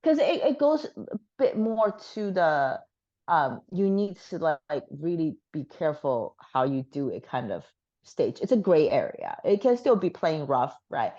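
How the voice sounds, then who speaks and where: A slightly hoarse woman chatting frankly as an interview guest, with plenty of fillers. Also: low-pitched, very animated, measured pace, warm tone, muffled recording. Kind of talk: casual chat.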